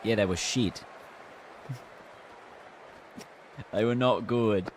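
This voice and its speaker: A man's voice: lowish voice, drawn-out words, slight background noise. An Australian man chatting casually on a live stream, reacting to a game and reading chat aloud. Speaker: gaming streamer.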